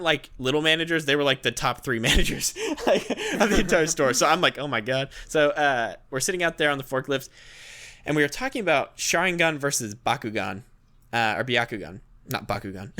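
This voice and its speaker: A young man co-hosting a podcast, telling a work story in animated, laugh-filled casual chat. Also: mid-range voice. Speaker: podcast co-host.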